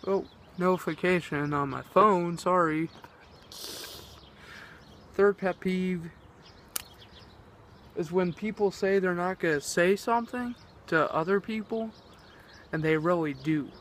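A man's voice: high-pitched, slow, long pauses, a bit bright, a little hiss or hum. A teenage boy vlogging, rambling and exasperated as he rants, swearing often. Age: teens. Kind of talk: ranting vlog.

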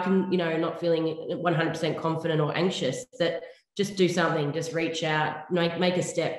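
A woman on a panel shares encouraging, reflective advice. Her voice is low for a woman. The room around her is echoey. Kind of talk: casual panel talk. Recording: roomy echo.

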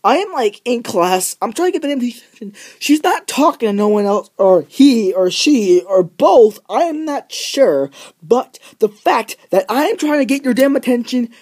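A man's voice: very high voice, sing-song, moderate pace, a little mellow. A teenage boy ranting casually on his vlog, profane and rambling, full of filler words. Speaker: vlogger.

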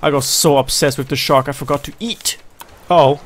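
A man commentating a survival video game. He jokes often and yells when things go wrong. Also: a little high, a little fast. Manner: excitable, jokey, yells at the game. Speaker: gaming video host. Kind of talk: let's play commentary.

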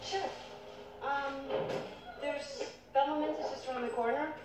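A gentle woman, echoey and distant. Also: sits high, expressive, unhurried, music in the background. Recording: echoey TV sound from across the room.

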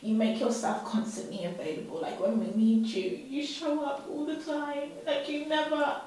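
A woman speaks heartfelt words to her mother in a high voice, close to tears. She sounds far from the mic in a very echoey room. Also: fairly even intonation, moderate pace, a little mellow. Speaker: daughter speaking in a family tribute. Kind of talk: heartfelt family chat.

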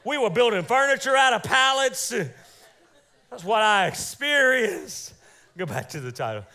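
A man preaching a lively, joking sermon in church as pastor, calling out for amens. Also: very high voice, measured pace. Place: church sanctuary.

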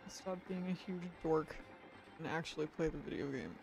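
Over background music, a creaky mid-range voice offers casual gameplay commentary at a moderate pace. The streamer is tired from a long day and rambles apologetically, frequently restarting and excusing himself for tripping over his words.

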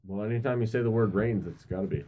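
A man's voice: fairly low pitch, fast, warm tone. A man co-hosting a podcast in casual chat, teasing and needling his partner sarcastically. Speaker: podcast co-host.

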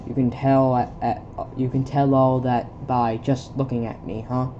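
A woman at home reading a film script aloud for laughs, stumbling over lines in a deadpan way. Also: rumbling low, moderate pace, muffled recording, slight background noise. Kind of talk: casual comedic script reading. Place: home with a pet dog.

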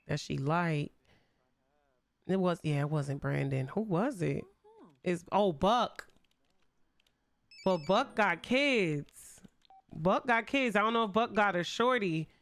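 A woman's voice: medium pitch, smooth, dry recording. A young woman streaming a life-simulation game, chatting in slang and talking to her characters as she plays. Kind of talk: casual game commentary.

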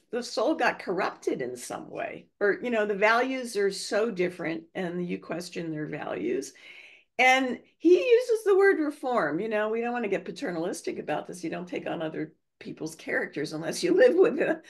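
A woman, the guest speaker, explaining ideas in a discussion over a video call. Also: a little high. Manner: animated, explanatory.

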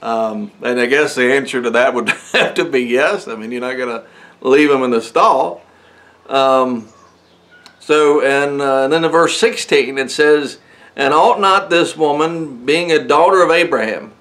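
A man's voice: mid-range voice, unhurried, fairly bright tone. A man preaching in church, reading Bible verses aloud and explaining them in a loose, conversational way with frequent chuckles and fillers. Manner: conversational, chuckles often, many fillers and restarts. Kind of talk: casual sermon with Bible reading. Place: church sanctuary.

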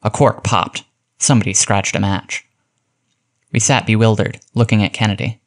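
A man reading a detective story aloud as narrator, in a measured, even way. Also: fairly low pitch. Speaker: audiobook narrator.

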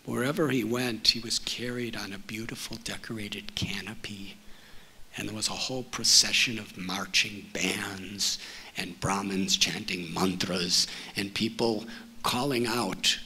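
A man tells a story as a spiritual teacher in an unhurried, gentle way. His voice is bright yet slightly husky. His phrase endings drop almost to a whisper. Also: on the low side, steady tone. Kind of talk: storytelling talk. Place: public library auditorium.

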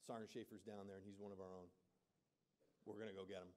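A man in his thirties speaks at a gala podium in a low, even voice with little rise and fall. His tone is mellow and dark. He tells his story plainly, often restarting and leaning on "you know". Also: fast. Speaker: keynote speaker, former soldier. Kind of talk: spoken storytelling speech. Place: gala event hall.

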